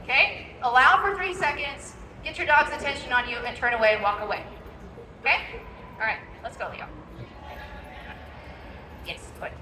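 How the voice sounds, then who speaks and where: A woman's high voice comes across at a moderate pace with long pauses, amid background noise in a large indoor expo hall. She is a dog trainer doing a live demonstration, walking handlers through each step and repeatedly checking in with "okay?". It is recorded distantly, with echo.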